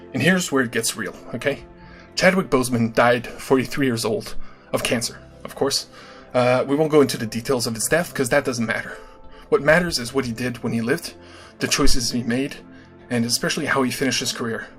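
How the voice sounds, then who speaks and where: Man in his own voice, livestream host, casual and earnest, keeps checking in with the audience, mid pitch, soft music underneath.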